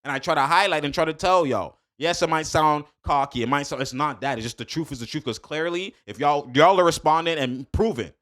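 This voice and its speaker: A man's voice: fairly high pitch, a little fast, few pauses, fairly bright tone. A man giving a casual, emphatic basketball breakdown, full of slang, repeating points and talking straight to his viewers. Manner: emphatic, fired-up, heavy slang, addresses viewers directly. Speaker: sports commentator.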